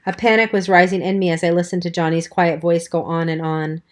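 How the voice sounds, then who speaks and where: Female audiobook narrator, lower voice, even storytelling. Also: a little fast. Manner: steady storytelling. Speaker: audiobook reader. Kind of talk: scripted narration.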